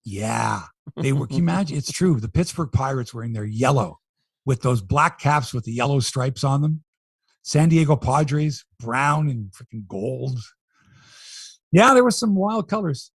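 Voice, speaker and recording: A man hosting a sports podcast, running through scores in a chatty, animated way with frequent asides. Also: medium pitch, a little slow, breathy edge, dry recording, clean studio sound. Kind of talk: casual sports talk and news rundown.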